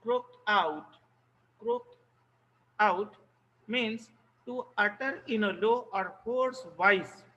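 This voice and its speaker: Slow, bright-voiced teacher. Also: male voice, high-pitched, dull audio. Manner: reads a phrase, then explains words with Hindi glosses; repeats phrases slowly, stressing key words. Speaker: English teacher. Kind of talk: explaining a story line by line.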